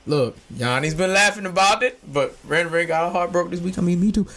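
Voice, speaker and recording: A man hosting a podcast in casual chat, rambling and joking in slangy talk, now and then breaking into loud shouts. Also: on the high side, normal speed, hardly any pauses. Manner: uses informal slang. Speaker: podcast host.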